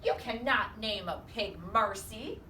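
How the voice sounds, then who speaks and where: A woman's voice: mid-range voice, bright, forceful tone, far from the mic. Storybook: woman playing a disapproving, prim neighbor, clipped and scolding, in a roomy echo. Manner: stiff, scolding, slow and clipped. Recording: echoey room, off-mic, faint hiss.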